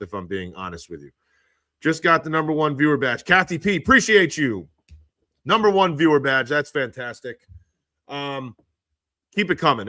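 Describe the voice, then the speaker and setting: A man talking into a handheld phone on a live stream, with a bright, forceful tone. His voice jumps sharply upward whenever he gets indignant. The sound is dry and close, with no room around it. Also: dry recording. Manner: exasperated ranting, rises sharply in pitch when indignant. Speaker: livestream host. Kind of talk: casual live-stream commentary.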